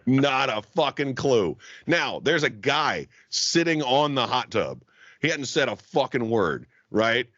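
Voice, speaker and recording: A man's voice: medium pitch, sing-song, unhurried, a bit bright, dry recording. Profane laughing man telling a story. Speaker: podcast co-host. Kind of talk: casual storytelling chat. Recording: dull lo-fi sound.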